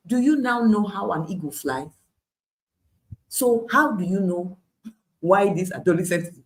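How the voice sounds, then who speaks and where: A woman giving a devotional Bible teaching on a live stream, emphatic and repetitive, with frequent laughs and lively asides. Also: mid-range voice, moderate pace.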